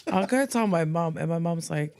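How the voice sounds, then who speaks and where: A woman co-hosting a podcast tells school stories in a casual, lively chat, acting out quoted voices and mixing in Tongan words. Her voice is fairly low and moderately paced.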